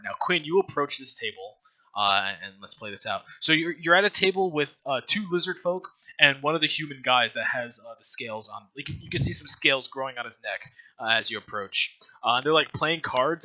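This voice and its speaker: Bright-voiced male game master. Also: medium pitch, normal speed, low-quality recording. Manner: loose, filler-heavy narration with frequent laughs. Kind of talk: narrating a tabletop game.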